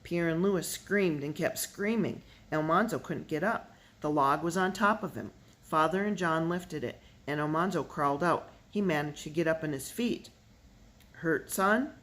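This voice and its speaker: An audiobook reader narrating a children's novel in a middle-pitched voice. The narration stays steady and even, and the voice lifts for the characters' lines. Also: normal speed. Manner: steady narration, lifting the voice for dialogue. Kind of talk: reading a children's novel aloud.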